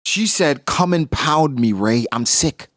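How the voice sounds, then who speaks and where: A man giving casual, excitable reaction commentary on a manga chapter, exclaiming and joking as he reads. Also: a little high, slow, no room sound, studio quality.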